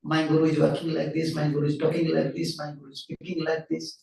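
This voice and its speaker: A man's voice: a little high, monotone, fast talker, gravelly, a little mellow. A man giving an earnest devotional lecture, who repeats key phrases and asks and answers his own questions. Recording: roomy hall sound from a distant mic.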